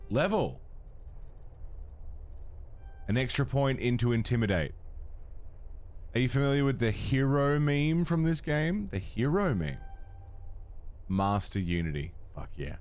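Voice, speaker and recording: A man's voice: medium pitch, big pitch swings, measured pace, long pauses, darkish tone. An Australian man chatting casually with his viewers as he streams a video game, swearing freely and reading out chat messages. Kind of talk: casual live gameplay commentary. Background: faint background music.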